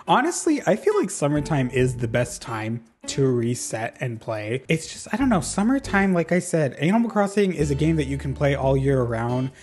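A man giving casual gameplay commentary as a YouTuber, chatty and excitable, laughing often. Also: mid-range voice, normal speed, hardly any pauses. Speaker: gaming YouTuber.

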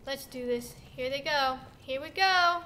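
A woman's voice: sits high, measured pace, sharp tone, a little hiss or hum. A young woman giving dramatic gameplay commentary, groaning and shrieking at the game. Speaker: gaming streamer.

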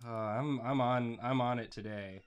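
A man's voice: medium pitch, fairly even intonation, moderate pace, background noise. A man drawing on a show, thinking aloud playfully as he works. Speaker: regular artist on the show. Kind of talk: casual chat while drawing.

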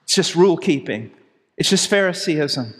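Man, middle-aged, preacher, impassioned sermon, high voice, long hall echo. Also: lively intonation, moderate pace, breathy edge. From United States. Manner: impassioned, swings from loud pleading to low intensity. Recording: long reverb of a large hall.

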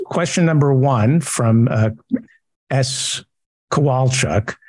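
A man hosting a talk show, reading out listener questions and trading wry, deadpan jokes in casual chat. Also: mid-range voice, breathy edge, no echo. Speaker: show host.

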